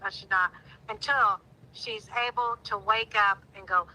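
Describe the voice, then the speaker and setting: A woman's voice: medium pitch, fairly even intonation, moderate pace, sharp tone, slight background noise, rough recording. A middle-aged woman speaking with heartfelt emotion in a casual conversation, growing indignant at times. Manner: heartfelt, rising to indignant outbursts. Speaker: guest.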